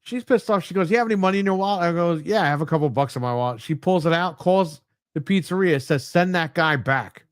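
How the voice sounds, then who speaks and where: A man's voice: on the high side, a little fast, no room sound, clean studio sound. A man co-hosting a gaming podcast, telling rambling anecdotes with casual swearing. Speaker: podcast co-host. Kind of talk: casual chat.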